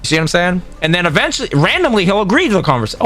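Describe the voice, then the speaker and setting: Animated profane man coaching on stream. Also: on the high side, racing, few pauses, soft background music. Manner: animated, profane, acts out quoted players. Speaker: streamer coaching fighting games. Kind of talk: casual livestream coaching.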